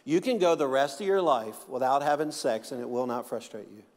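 A man's voice: medium pitch, animated, fairly quick, big-room sound. A male pastor preaching a sermon in a joking, conversational way, with frequent restarts.

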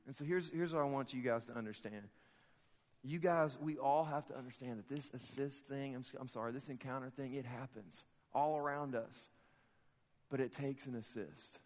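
A man in his thirties, a pastor preaching a sermon, telling a personal story in an animated, joking way and often laughing. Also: medium pitch, moderate pace. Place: large church hall. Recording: long reverb of a church hall.

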